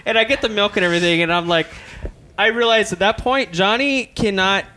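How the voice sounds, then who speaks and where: A man from Louisiana, a podcast host, telling a story in casual chat, animated and swearing, acting out the quotes with laughter. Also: sits high, fairly quick, noisy background. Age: adult.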